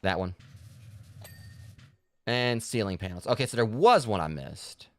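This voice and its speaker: A man streams a video game and chats about it casually, rambling with plenty of filler words and restarts. His voice is lowish and expressive, and he speaks unhurriedly. The clean studio sound has no echo.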